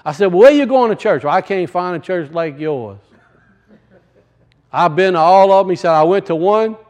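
A man preaching a sermon and telling a personal story, swinging from loud bursts to hushed, quiet lines. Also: high voice, expressive, normal speed. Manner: rises loud then drops to hushed, storytelling.

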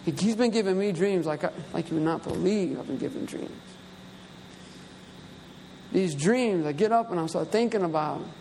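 A man's voice: sits high, moderate pace, long pauses, warm tone, slight background noise. A man preaching a sermon, telling a dream story in a conversational, emphatic way. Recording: reverberant hall with faint ambience.

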